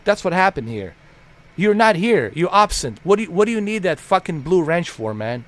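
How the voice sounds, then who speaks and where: A man on a live stream, venting at his chat in a blunt, heated and profane way. His somewhat high voice swings widely up and down as he drives his points home, often saying the same thing twice. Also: very animated, moderate pace. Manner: repeats himself for emphasis.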